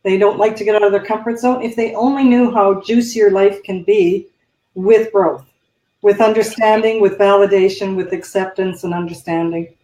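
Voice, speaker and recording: A woman's voice: mid-range voice, steady tone, normal speed, dark tone. A woman guest coach explaining ideas in a thoughtful, conversational way. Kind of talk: conversational interview. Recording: roomy, distant from the mic.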